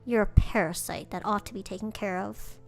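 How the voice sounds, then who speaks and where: A woman's voice: medium pitch, fairly even intonation, a little fast, vocal fry, faint music behind, lightly acted. A woman voicing a cold, haughty male spirit who speaks with mocking contempt, in a fan-made dating game. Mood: contemptuous.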